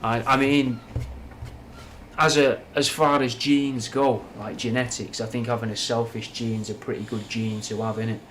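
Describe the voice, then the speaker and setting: A man's voice: medium pitch, little pitch movement, normal speed, a bit bright, slight background noise. A young man with a Mancunian accent and a slight Scouse twang, chatting frankly and rambling through viewers' questions, using slang and swearing. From Manchester, England. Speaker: livestream host answering chat. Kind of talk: casual livestream chat.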